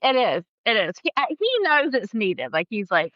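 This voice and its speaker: A woman talking casually as a podcast guest, chatty and quick to laugh, with lots of "like" in her speech. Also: a little high, sing-song, pushed and bright, dry recording, lo-fi sound. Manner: chatty, laughs often, fillers like "like". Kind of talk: casual chat.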